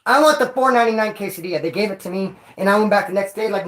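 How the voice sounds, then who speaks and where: A man's voice: high voice, rapid-fire, fairly bright tone. A man casually telling jail stories on his vlog, rambling and joking in street slang. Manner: rambling, slangy and joking, calls viewers homeboy and dog. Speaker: vlogger telling prison stories.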